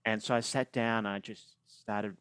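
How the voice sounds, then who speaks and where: A man's voice: fairly low pitch, fairly even intonation, unhurried, a bit bright, smooth, no echo. A young Australian man, a singer-songwriter, talking thoughtfully about his songwriting over a remote call. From regional Australia. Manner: thoughtful, reflective, with fillers. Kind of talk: relaxed interview talk.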